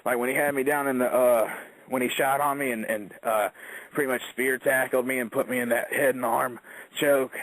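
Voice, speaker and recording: A man's voice: medium pitch, fairly even intonation, moderate pace, fairly bright tone, no room sound, rough recording. A man, a wrestler, telling an in-ring story in a casual, profane interview, acting out quotes as he goes.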